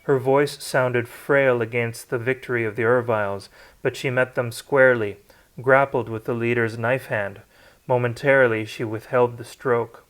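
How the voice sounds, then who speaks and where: A man's voice: medium pitch, steady tone, moderate pace. A man reading a novel aloud, unrehearsed, with occasional slips and restarts. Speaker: audiobook narrator. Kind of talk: unrehearsed read-aloud narration.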